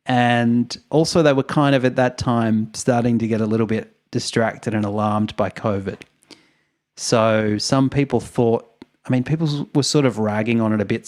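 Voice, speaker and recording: With a lowish, darkish voice, a man co-hosting a podcast chuckles as he recounts events in a rambling, wry manner during a casual storytelling conversation.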